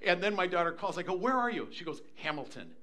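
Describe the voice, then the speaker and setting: An older man delivers a sermon in a high, bright voice. His pitch swoops widely as he tells a story and mimics the voices of the people in it. His delivery is animated and expressive. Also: fast. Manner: animated, acts out voices in anecdotes. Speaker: pastor.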